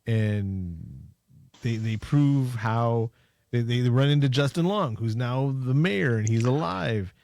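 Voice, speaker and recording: A man co-hosting a podcast, casually recapping a movie plot with jokes and quick acted-out lines. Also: mid-range voice, expressive, gravelly, darkish tone, no room sound, studio quality. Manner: jokey, acts out scenes in quick voices. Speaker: podcast co-host.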